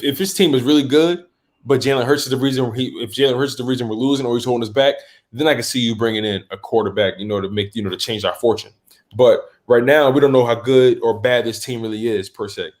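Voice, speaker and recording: A man hosting a fan livestream, chatting casually and reading out viewer comments. He rambles, restarts his sentences and keeps saying "man" and "bro", and he sounds a little sleepy. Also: medium pitch. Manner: rambling, repeats words and restarts, loose slang like "man" and "bro"; yawning and a bit sleepy. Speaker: host of a sports livestream.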